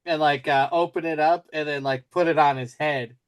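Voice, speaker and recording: A man's voice: on the high side, fairly even intonation, normal speed, smooth. A man playing a tabletop game, describing his moves in a hesitant, playful way. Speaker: player.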